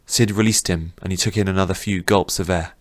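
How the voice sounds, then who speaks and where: A man narrating a fantasy audiobook in a measured, even manner. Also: low voice, no echo.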